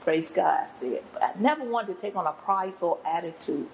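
Older woman, guest pastor; low and gravelly, preacherly storytelling. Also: fairly quick, slight background noise, poor audio. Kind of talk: testimony in an interview.

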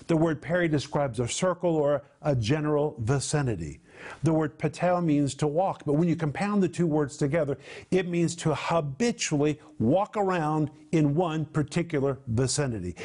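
Male TV Bible teacher, slightly high voice, emphatic, stretches key words for stress. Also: a little mellow.

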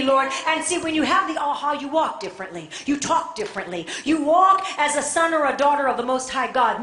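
A woman delivers a sermon in a high, bright-pitched voice. She moves from hushed, tender passages to full-throated, impassioned cries. The sound rings with the echo of a reverberant room. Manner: impassioned, swings from soft to shouting. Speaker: preacher. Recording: echoey room.

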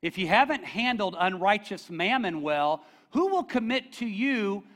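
A man's voice: high-pitched, sing-song, unhurried, a bit bright. A middle-aged man preaching a conversational sermon as pastor, joking with the congregation and often checking in with "okay?".

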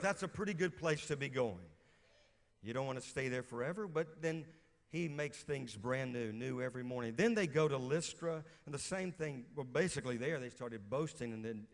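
A middle-aged pastor from Louisiana preaching a sermon and quizzing his congregation as he reads scripture. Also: fairly high pitch. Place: church sanctuary. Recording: reverberant church hall.

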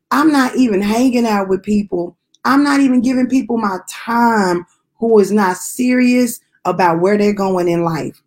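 Lively woman preaching to her listeners. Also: medium pitch. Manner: lively, repeats phrases for emphasis, laughs often; addresses listeners directly and casually. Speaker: pastor and podcast host. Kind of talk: informal preaching on a devotional podcast.

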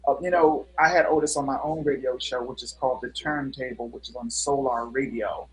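A man's voice: mid-range voice, fairly even intonation, brisk, poor audio. A middle-aged man, a guest musician, telling stories in a casual interview with an earnest manner and many fillers.

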